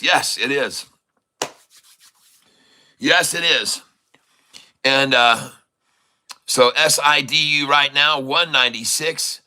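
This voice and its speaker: A man hosting a casual live day-trading stream, hoarse from losing his voice, teasing and greeting his viewers with frequent chuckles. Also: mid-range voice, sharp tone, low-quality recording. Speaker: day-trading livestream host.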